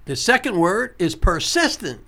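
A man hosting a casual radio talk show, who repeats key points and slows right down to spell out numbers. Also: high voice, sing-song, pushed and bright.

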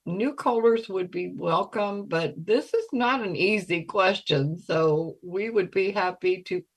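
A woman hosting a call-in radio show in a relaxed, unhurried chat, laughing often and repeating herself. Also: medium pitch, slightly rough, rough recording.

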